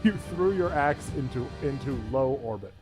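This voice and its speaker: A man's voice: medium pitch, lively intonation, normal speed, music in the background. A man acting as dungeon master, narrating a tabletop game in a playful way and laughing at his own descriptions. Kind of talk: running a tabletop game over voice chat.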